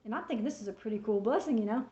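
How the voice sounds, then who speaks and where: A woman casually retelling a personal faith testimony, chatty and animated, acting out the dialogue as she goes. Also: a little high, very fast. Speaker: storyteller sharing a faith testimony. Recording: echoey room, dull lo-fi sound.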